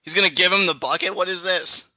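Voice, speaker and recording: A young man chatting excitedly in a live reaction, predicting what happens next and laughing often. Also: sits high, fast, no echo, dull audio. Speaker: guest co-commentator.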